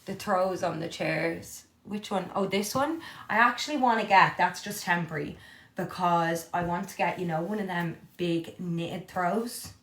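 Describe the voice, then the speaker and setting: A young woman with a fairly low, slightly bright voice talks casually on a living-room live stream. Going through viewer comments and responding, she's open and swears easily.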